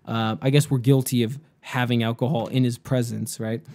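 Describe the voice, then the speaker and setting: A man's voice: mid-range voice, level tone, normal speed, darkish tone. Profane rambling young man. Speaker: podcast host. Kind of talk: casual storytelling chat.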